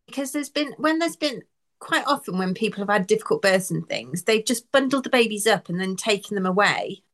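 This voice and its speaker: A woman co-hosting a podcast in casual chat, animated and acting out characters' lines. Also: mid-range voice, a little fast. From Britain. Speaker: podcast co-host.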